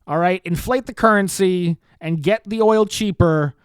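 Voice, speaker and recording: A man's voice: sits high, normal speed, clean tone, dry recording. A man hosting a comedy podcast, delivering an exasperated, sarcastic rant with frequent swearing. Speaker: podcast host. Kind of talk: comedic monologue.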